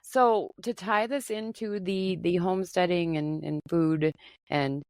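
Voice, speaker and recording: A woman's voice: on the low side, fairly even intonation, a little slow, a little mellow, clean tone, no echo, clean studio sound. A woman from Maine hosting a podcast, asking her guest questions in a casual interview. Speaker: podcast host.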